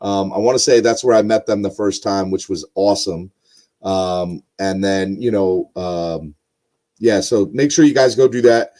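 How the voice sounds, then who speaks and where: A man's voice: lowish voice, moderate pace, a little mellow. A young man hosting a casual sports podcast, rambling with lots of ums and uhs. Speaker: podcast host.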